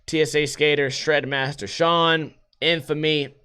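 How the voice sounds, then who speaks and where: A man's voice: fairly high pitch, fairly even intonation, measured pace, bright, forceful tone, clean tone. A man hosting a casual solo livestream podcast, rambling sarcastically and swearing freely. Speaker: podcast host.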